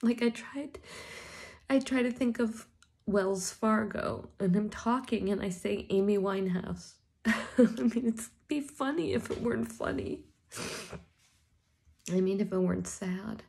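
Tearful, gravelly-voiced woman vlogger. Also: medium pitch, darkish tone. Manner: halting, tearful, often drops to a whisper. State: crying. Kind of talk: personal video diary.

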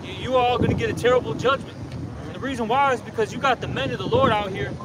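Confrontational street preacher, man, very high voice, distant mic, heavy traffic noise behind. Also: fast talker. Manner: loud, confrontational, frequent "okay?" tag. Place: outdoors on a street.

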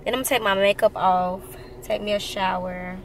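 A woman's voice: mid-range voice, fairly even intonation, a little fast, slight background noise. A sleepy woman chatting casually with slang into a phone camera in her parked car at night. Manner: casual, slangy and chatty, drawling tired speech. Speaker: vlogger. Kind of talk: casual vlog chat.

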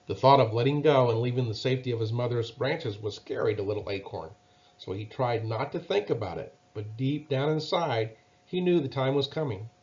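A man reading a children's Bible story aloud in a gentle, measured way. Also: medium pitch, highs cut off.

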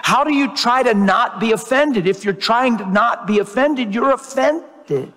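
A man's voice: extremely high pitch, lively intonation, measured pace, fairly bright tone. A man preaching a sermon, earnest and often restarting his words, building to fervent emphasis. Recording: long hall reverb.

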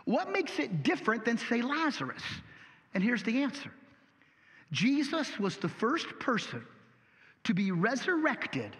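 A man preaching a sermon as pastor, folksy and animated, asking rhetorical questions. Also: very high-pitched, moderate pace, pauses often, long reverb tail.

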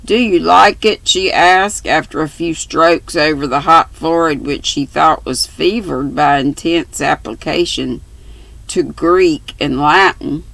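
An older woman reading a classic novel aloud in an unhurried, homespun way, sometimes stumbling and rereading. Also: sits low, vocal fry, fairly bright tone, no echo, rough recording. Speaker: storybook reader.

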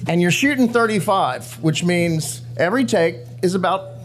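High-voiced man spinning lively stories. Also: normal speed. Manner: animated, laughing, acts out quotes. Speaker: actor guest telling set stories. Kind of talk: live storytelling to an audience. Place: live show venue with audience.

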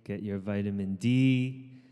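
A man leading an outdoor group workout as trainer, calling out counts and urging people on, with quick asides in Cantonese. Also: on the low side, clear, resonant tone, in a large hall. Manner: shouted counting and encouragement, switching into Cantonese asides. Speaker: fitness trainer. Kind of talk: live workout coaching. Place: outdoors in the sun.

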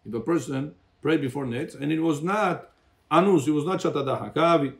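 Talking very fast with a high voice and vocal fry, a rabbi runs a Torah class for his congregation. He quizzes listeners, calling on them by name, and switches back and forth between English and Hebrew phrases.

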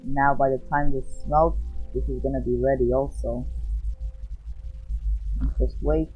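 An excitable man chats his way through a gameplay session, rambling and gushing as he goes. His voice sits at an ordinary middle pitch, and the lo-fi recording sounds dull and muffled, with faint music playing underneath. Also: measured pace. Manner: excitable and rambling, often exclaiming. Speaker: gaming channel host. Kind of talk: casual gameplay commentary. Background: faint background music.

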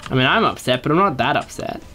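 Chatty gaming man with excited yelps. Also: fast talker, a little hiss or hum. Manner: chatty, talks to himself and jumps to excited high yelps. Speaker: gaming YouTuber. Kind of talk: Let's Play commentary.

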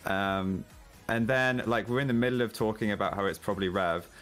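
A man's voice: on the low side, brisk, a bit bright, soft background music. A man in voice chat during an online game, confidently laying out his suspicions step by step. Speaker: game player.

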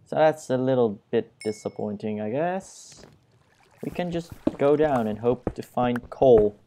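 A young man giving casual, self-mocking commentary while he plays a video game, dropping puns in a flat tone. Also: medium pitch, measured pace, background noise. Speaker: Let's Play gamer.

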